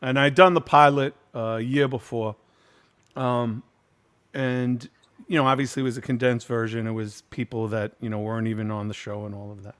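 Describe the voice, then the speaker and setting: Profane, animated man telling a story. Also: medium pitch, normal speed. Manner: candid, profane, animated storyteller acting out quotes. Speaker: host. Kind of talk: casual storytelling on a video call.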